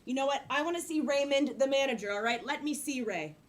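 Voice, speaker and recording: A woman performing improvised bar jokes on stage, delivering punchlines deadpan. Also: high-pitched, fast talker, very noisy. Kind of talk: improvised joke-telling. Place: comedy theater stage.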